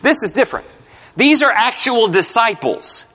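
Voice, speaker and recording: A man preaching a sermon, dramatic, swinging between loud stresses and quiet drops. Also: very high voice, animated, normal speed. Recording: long reverb of a hall.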